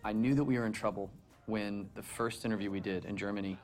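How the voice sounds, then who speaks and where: A man's voice: fairly low pitch, fast talker, faint music behind. A man, a band member, recounting anecdotes in a documentary interview and acting out the quotes. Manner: animated anecdote-telling with acted-out quotes.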